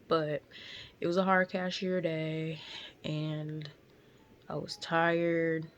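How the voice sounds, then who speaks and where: A young woman vlogging from her car, telling a story in a blunt, profane, animated way. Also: deep voice, slow pace. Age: young adult. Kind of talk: casual storytelling.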